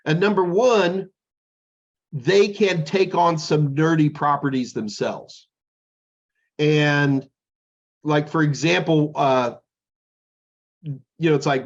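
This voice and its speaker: A man's voice: fairly high pitch, slow, pauses often, lo-fi sound. A man co-hosting a podcast in casual chat, telling jokey, rambling stories. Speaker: podcast co-host.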